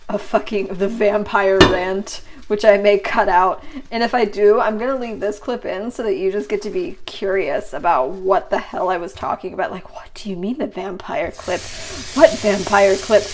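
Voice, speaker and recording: A woman's voice: medium pitch, noisy background. A young woman rambling and swearing casually in a late-night vlog while washing dishes in her kitchen. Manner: swears a lot, rambling, laughs often. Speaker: vlogger.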